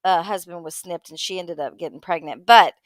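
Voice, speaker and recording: A woman's voice: on the low side, fairly quick, no echo. A woman co-hosting a livestream, giving gossipy, sarcastic commentary in casual chat. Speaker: livestream co-host.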